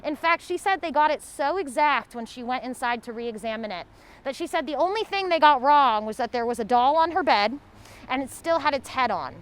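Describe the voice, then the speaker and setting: Lively woman telling stories on a walking tour. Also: high voice, fairly quick, clean tone. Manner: lively, casual storyteller addressing the group. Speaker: tour guide. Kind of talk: storytelling on a guided walking tour. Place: outdoors on a city street.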